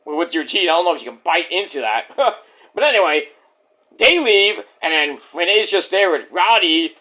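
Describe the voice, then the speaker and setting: Brief: rambling wrestling reviewer, man, bright and animated, cracks jokes mid-recap. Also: high voice, moderate pace. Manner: rambling, jokey, self-interrupting. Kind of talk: casual review vlog.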